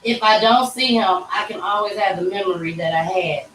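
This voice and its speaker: A woman's voice: medium pitch, brisk, fairly bright tone, a little hiss or hum. A woman in her thirties hosting a livestream, telling a personal story candidly and casually and talking straight to her viewers. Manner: candid and conversational, addressing viewers as y'all. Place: tattoo shop. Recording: echoey room, mic at a distance.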